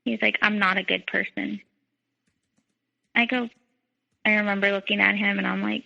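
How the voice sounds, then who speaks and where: A young woman speaks at normal speed in a flat, creaky mid-range voice with a sharp tone, pausing often. She's a podcast guest telling her own story, frequently saying "like" and quoting others in dialogue. The lo-fi recording is dull and set in a large hall.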